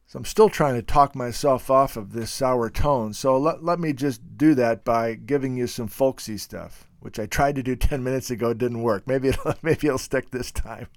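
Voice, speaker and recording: A man hosting a casual, unscripted talk about geology. He speaks in an emphatic, animated and opinionated way. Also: mid-range voice, moderate pace, few pauses, no echo, clean studio sound. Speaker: host.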